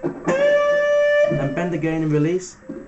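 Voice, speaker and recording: A man walks through a guitar solo in a relaxed, casual way and talks with a slightly high voice. He calls out frets and bends with plenty of ums. Loud electric guitar plays around his words. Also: slow pace, lo-fi sound. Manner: relaxed, talks through fret numbers with fillers. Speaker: guitar teacher. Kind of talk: casual step-by-step guitar tutorial. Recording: loud guitar music under the voice. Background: electric guitar playing between phrases.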